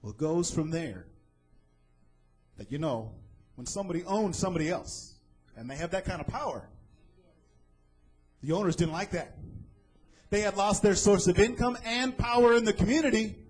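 A man's voice: high-pitched, lively intonation, normal speed, pauses often, darkish tone, husky, faint music behind, poor audio. A man preaching a sermon, retelling a scripture story dramatically and asking the listeners questions.

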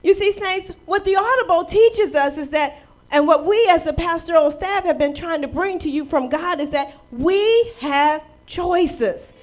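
High-voiced woman preaching a lively sermon. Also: measured pace. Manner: lively preaching with rhetorical questions and playful acted quotes. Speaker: pastor.

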